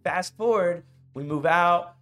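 A young man co-hosting a podcast, telling a story in casual chat, animated and laughing often. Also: high voice, slow pace, faint music behind. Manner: animated, laughs often, says "bro" and "I was like". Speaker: podcast co-host.

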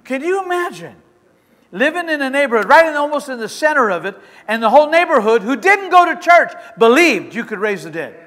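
A man pastor with a high, sharp, bright voice preaches to his congregation. He tells stories with halting restarts and rises to impassioned shouts. The sound rings with the long reverb of a church hall. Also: big pitch swings. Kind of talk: sermon. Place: church sanctuary with a responding congregation.

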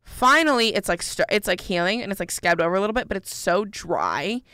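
A woman's voice: medium pitch, animated, brisk, sharp tone, clear, resonant tone, no room sound, clean studio sound. A young woman co-hosting a podcast, telling a long story in a rambling, chatty way full of "like" and "um". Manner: chatty, rambling, heavy use of "like" and "um". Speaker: podcast co-host. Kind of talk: casual storytelling chat.

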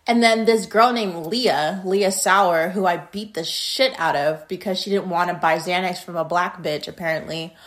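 A young woman talks straight into the mic in a loose, rambling monologue, swearing freely and drifting from one tangent to the next. Her voice jumps from loud, emphatic lines down to quiet, mumbled asides. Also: on the low side, normal speed, hardly any pauses. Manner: rambling, profane and blunt, with frequent tangents; loudness swings between emphatic bursts and muttered asides. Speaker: podcast host. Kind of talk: casual storytelling monologue.

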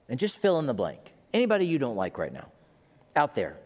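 Animated man in his fifties preaching. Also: medium pitch, brisk. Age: 50s. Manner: animated, acts out quoted voices. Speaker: pastor. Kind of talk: sermon. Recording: long reverb of a large hall.

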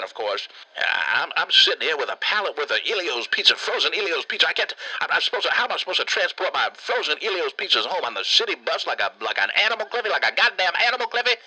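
A man's voice: medium pitch, sharp tone, breathy edge, full character voice, rough recording. A man doing a cursing, pizza-crazed uncle. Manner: rambling cursing rant. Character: profane grown man obsessed with pizza.

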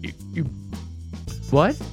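A man co-hosting a podcast in casual banter, animated, rambling and self-mocking. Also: slow, music in the background. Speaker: podcast co-host.

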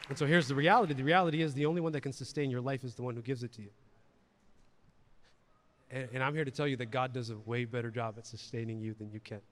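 A man's voice: medium pitch, fast talker, long reverb tail, slight background noise. A man preaching a sermon in a conversational way, repeating words and asking the audience questions. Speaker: pastor. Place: church hall.

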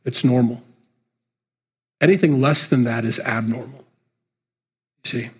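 A man delivers a sermon, his voice slightly husky and rough at the edges. He preaches in an earnest, emphatic way but keeps it conversational, as if talking straight to the congregation. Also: medium pitch, fairly even intonation, measured pace. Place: church.

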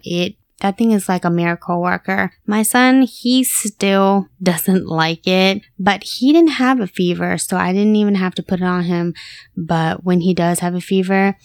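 A woman's voice: fairly low pitch, smooth, no echo, studio quality. A young woman hosting a podcast, chatting candidly and casually about her family and swearing now and then. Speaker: podcast host. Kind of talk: casual personal chat.

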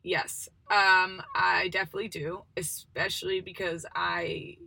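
Chatty young woman with a gravelly voice. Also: lowish voice, flat delivery, a little slow, bright, forceful tone, dry recording. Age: 20s. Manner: chatty, rambling, lots of "like" and "um". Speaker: podcast host. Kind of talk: casual solo chat.

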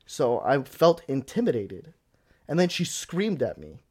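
A young man tells a story in a loose podcast chat. He leans on filler words and acts out the people he quotes with sudden loud bursts. His voice sits at an ordinary middle pitch. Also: wildly swooping pitch, measured pace, breathy edge. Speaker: podcast co-host.

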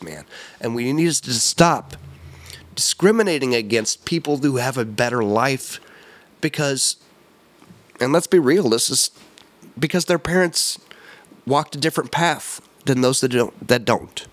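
A man's voice: mid-range voice, lively intonation, measured pace. A man hosting a solo podcast, ranting in an emphatic, rambling way, repeating words and correcting himself. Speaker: podcast host. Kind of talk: solo opinion podcast rant.

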